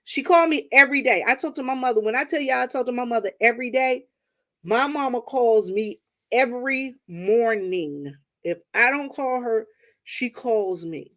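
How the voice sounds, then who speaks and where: A woman's voice: a little high, moderate pace. An older woman, telling a family story casually to her viewers. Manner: animated, talks straight to listeners. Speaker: vlogger.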